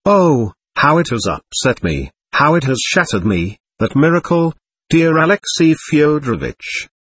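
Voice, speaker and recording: A man reading aloud, voicing an anxious, effusive middle-aged aristocratic lady who talks rapidly and nervously. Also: fairly high pitch, big pitch swings, a bit bright, husky, full character voice. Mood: gushing.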